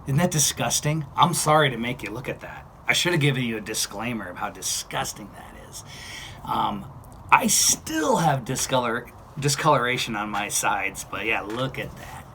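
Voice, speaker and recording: Bright-voiced chatty man in his fifties. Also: mid-range voice, big pitch swings, normal speed, slight background noise. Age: 50s. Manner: chatty and blunt, with playful asides. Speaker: vlogger. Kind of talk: casual personal story to camera.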